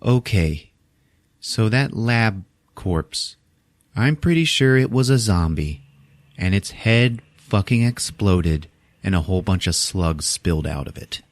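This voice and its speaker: A man's voice: low-pitched, animated, slow, no echo, heavily acted. A young woman confiding something strange, as a man quotes her. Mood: earnest. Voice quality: plain retelling voice, lightly acted.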